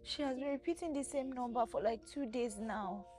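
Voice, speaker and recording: A woman's voice: on the high side, moderate pace, darkish tone, faint music behind, lightly acted. An actress with a Nigerian accent playing a distraught mother who pleads and cries over her missing daughter. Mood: tearful. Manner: pleading, tearful.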